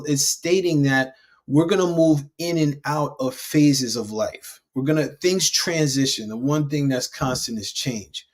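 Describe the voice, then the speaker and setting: A man hosting a spiritual self-help live stream, talking casually and rambling, with frequent restarts. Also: medium pitch. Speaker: host.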